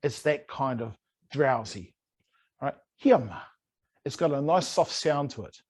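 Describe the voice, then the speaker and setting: A man's voice: mid-range voice, animated, slow, slightly rough. A man teaching a language in an online lesson, playful and over-pronouncing words to demonstrate them. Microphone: video call.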